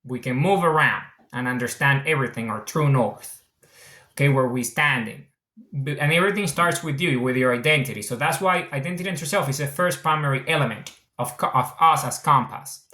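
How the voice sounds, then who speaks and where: Explaining his book in a casual monologue, this Venezuelan author speaks with a mixed international accent, earnestly repeating and circling back on his points. His mid-range voice is sharp and fairly quick, and the room is echoey.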